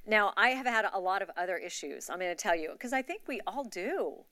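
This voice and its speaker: A woman's voice: medium pitch, big pitch swings, a little fast, pushed and bright, no room sound, studio quality. A woman giving a candid, confessional personal testimony to her church in a conversational way. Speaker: church member sharing a testimony. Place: church gathering.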